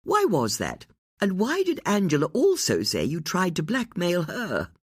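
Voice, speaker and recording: The audiobook narrator voicing a composed amateur woman detective who asks steady, pointed questions. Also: mid-range voice, measured pace, husky, no echo, studio quality, pitched above the performer's own voice, full character voice. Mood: probing. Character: sharp, composed older woman sleuth.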